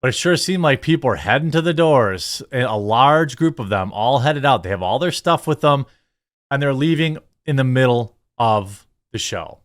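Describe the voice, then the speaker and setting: A man's voice: medium pitch, lively intonation, normal speed. A middle-aged man hosting a political commentary channel, ranting in an indignant, sarcastic and emphatic way.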